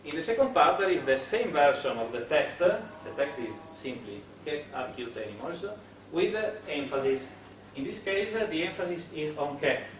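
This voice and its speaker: Man, lecturer, halting with lots of fillers, roomy hall sound, noisy distant mic. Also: fairly high pitch, sing-song. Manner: hesitant, many fillers and restarts. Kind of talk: classroom lecture on web development. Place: lecture room.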